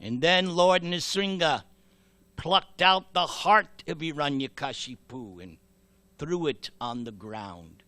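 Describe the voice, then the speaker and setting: A man at a temple retells a scripture story as a sermon, slowly and dramatically. His voice sits a little high and sounds bright and sharp. The sound is dry and close. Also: lively intonation, dry recording. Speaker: temple speaker.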